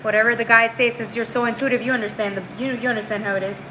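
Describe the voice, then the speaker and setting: A woman's slightly high voice holds a steady tone as she speaks very fast, with noise in the background. She's doing a live tarot reading in a chatty, slangy way, calling the viewer girl and bro. Her lines often end in "right?", and she tends to restart or trail off mid-phrase.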